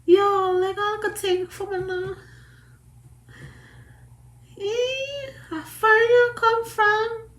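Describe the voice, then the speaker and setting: A woman imitating a high, drawling Jamaican street hustler. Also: level tone, drawn-out words, pauses often, fairly bright tone, exaggerated voice. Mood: coaxing. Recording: roomy echo.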